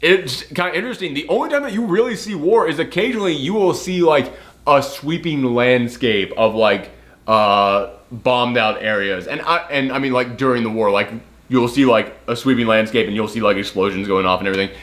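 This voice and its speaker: A man talks casually through a film review, rambling and leaning on fillers. His voice sits at an ordinary middle pitch. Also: brisk, fairly bright tone. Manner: chatty, rambling with many fillers.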